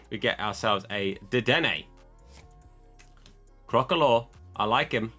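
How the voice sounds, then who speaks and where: Opening card packs, a man chats casually, cracks jokes at his own expense, and scolds his camera when it loses focus. His medium-pitched voice is bright and forceful, unhurried, with long pauses and faint music behind him.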